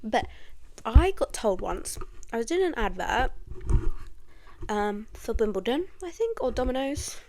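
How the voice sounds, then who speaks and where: A woman's voice: on the high side, big pitch swings, measured pace, long pauses, a little mellow, a little hiss or hum. A young British woman with a nasal voice and a slight American twang, chatting and rambling casually on her solo podcast. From Britain. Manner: rambling, chatty, full of fillers. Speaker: podcast host.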